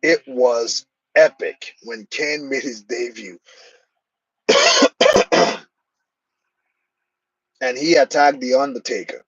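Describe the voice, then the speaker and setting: A man's voice: medium pitch, huge pitch swings, slow pace, long pauses, muffled recording, background noise. A man hosting a live stream, chatting casually and answering viewers' comments by name.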